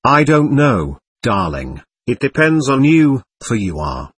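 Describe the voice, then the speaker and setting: A man voicing a simple, pious peasant coachman who speaks slowly and deferentially. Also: mid-range voice, big pitch swings, slightly rough, no room sound, heavily acted. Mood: earnest. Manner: slow, deferential, gentle. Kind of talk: audiobook character voice.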